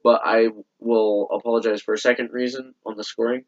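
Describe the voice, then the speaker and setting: A young man co-hosting a soda review with his father, hoarse from a cold, agreeable and quick to chime in. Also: medium pitch, level tone. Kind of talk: casual chat. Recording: dull lo-fi sound.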